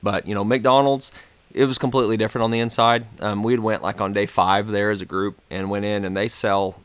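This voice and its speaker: A man's voice: fairly low pitch, fairly even intonation, fairly quick, a bit bright, smooth, no echo. An American man in a casual podcast chat, telling a travel story in a rambling way with many fillers and restarts. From United States.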